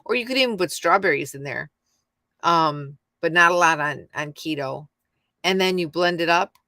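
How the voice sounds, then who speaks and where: A woman's voice: lowish voice, normal speed, pushed and bright, no room sound, studio quality. A middle-aged woman hosting a casual livestream from home, rambling and chatting with viewers by name. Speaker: YouTube livestream host. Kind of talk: casual live chat with viewers.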